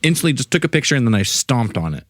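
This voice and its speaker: A man's voice: medium pitch, very animated, racing, fairly bright tone, no room sound. A man co-hosting a podcast, telling a rambling, laid-back story. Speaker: podcast co-host. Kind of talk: casual storytelling.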